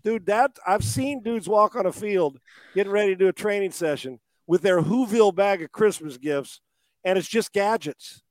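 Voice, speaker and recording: A football coach in casual chat, joking and rambling with frequent stumbles and restarts. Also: male voice, sits high, normal speed, no room sound.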